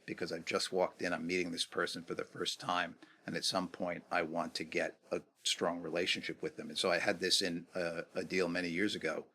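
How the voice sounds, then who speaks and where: A middle-aged man from New York talks in a low-pitched voice as an interview guest. He tells stories in a casual, animated way and drops rhetorical questions as he goes. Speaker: guest, negotiation expert.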